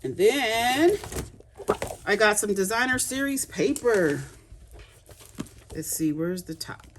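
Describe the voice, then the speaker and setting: A woman's voice: medium pitch, expressive, takes it slowly, background noise. A woman demonstrating craft supplies in a casual unboxing chat, chatty and gushing with delight. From United States.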